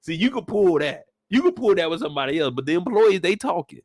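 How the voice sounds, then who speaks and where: A high-voiced man riffs through a TV episode recap in loose, slangy commentary. His pitch swings widely as he jokes and swears. The recording is dry and close. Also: fast, no echo. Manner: animated, slangy, profane, joking. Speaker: TV recap reviewer. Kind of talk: casual review commentary.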